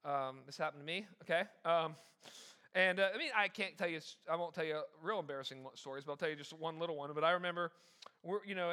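Male pastor, middle-aged, high bright voice, lively sermon delivery with jokes. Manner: animated, conversational preaching with self-deprecating humor.

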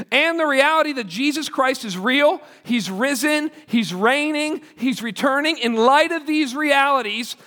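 A man's voice: extremely high pitch, bright, forceful tone. A man preaching a sermon as pastor, in an emphatic, urgent way. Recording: long hall reverb.

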